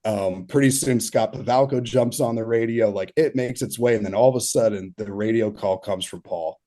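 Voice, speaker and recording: A man's voice: on the low side, normal speed, dark tone. A man in his thirties, a turf consultant as a podcast guest, telling rambling stories full of fillers and laughs. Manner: rambling, filler-heavy storytelling with frequent laughs. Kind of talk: casual interview storytelling.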